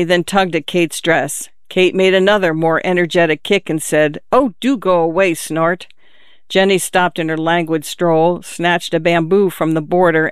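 A narrator reading a novel aloud in a measured, calm storytelling manner, lifting the pitch for the characters' lines. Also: clean tone, no room sound, studio quality.

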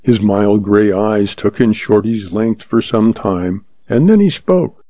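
A man narrating a story in a steady, even reading, recorded dry and slightly muffled. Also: fairly low pitch, slow pace, dry recording. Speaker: audiobook narrator. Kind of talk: scripted narration.

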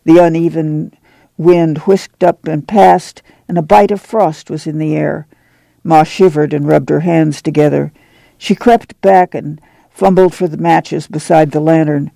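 A man narrating an audiobook in a measured, even storytelling manner. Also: on the high side, creaky, dry recording.

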